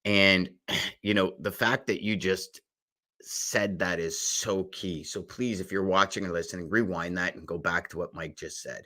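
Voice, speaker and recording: A man hosting a podcast interview, telling animated stories and acting out voices in his anecdotes. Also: sits low, a little slow. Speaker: podcast host.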